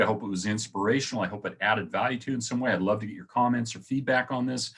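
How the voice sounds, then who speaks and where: A man with a low, husky voice talks straight to his audience in a relaxed, conversational way. He hosts his own motivational video, circling back on phrases and calling his viewers guys. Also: fast talker. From United States. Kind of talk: casual motivational talk to camera.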